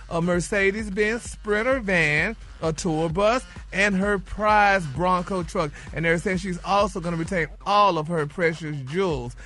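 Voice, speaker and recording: A man's voice: high-pitched, bright, forceful tone. A man co-hosting a radio morning show, reading celebrity news in a chatty style, sprinkling "y'all" everywhere. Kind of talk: radio gossip report.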